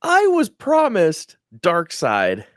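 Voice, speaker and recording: A man's voice: high voice, wildly swooping pitch, slow pace, no room sound, studio quality. A man co-hosting a podcast in easygoing casual chat, often hesitating with fillers. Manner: laid-back, hesitant with fillers, mimics voices. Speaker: podcast co-host.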